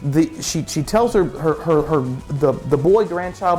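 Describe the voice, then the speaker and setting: Casual storyteller, rambling, stumbling over words, music faint behind. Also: male voice, a little high, expressive, normal speed, few pauses, a little mellow. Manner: rambling, many restarts and repeated words.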